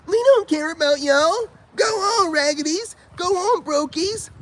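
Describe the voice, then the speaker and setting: A man putting on the voice of a mocking, complaining woman, with sneering, exaggerated high mimicry. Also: lively intonation, unhurried, a bit bright, heavily acted.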